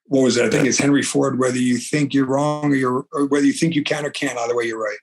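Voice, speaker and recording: A man's voice: mid-range voice, quick pace. A man in his forties, a martial arts instructor, talking casually as a podcast guest and acting out quoted dialogue in his stories. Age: 40s. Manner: animated storyteller, acts out quoted dialogue.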